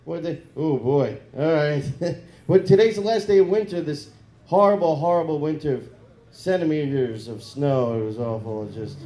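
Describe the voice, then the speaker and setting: Guy doing a crude rambling stand-up set on a club stage, kinda high voice, echoey room. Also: normal speed. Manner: crude, rambling, swings into loud mock voices. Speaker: stand-up comedian.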